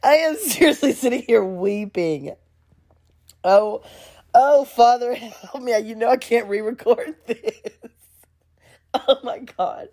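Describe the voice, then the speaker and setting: Woman, casual storytime vlog, husky voice, unhurried delivery, animated, talks straight to viewers. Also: on the high side. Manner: animated, keeps breaking into laughter; addresses viewers directly.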